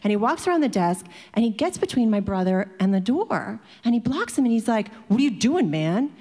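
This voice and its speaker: A woman's voice: on the high side, very animated, a little fast, darkish tone. Chatty woman telling a story in a hall. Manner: chatty, full of "like", acts out the people in the story. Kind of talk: personal story told to an audience.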